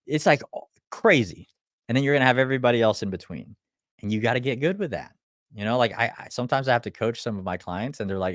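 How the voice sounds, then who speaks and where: A man's voice: mid-range voice, lively intonation, quick pace, a bit bright, dry recording, studio quality. A young man, an online business coach, talking bluntly and with plenty of profanity on a casual livestream. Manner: blunt, profane, acts out clients' lines.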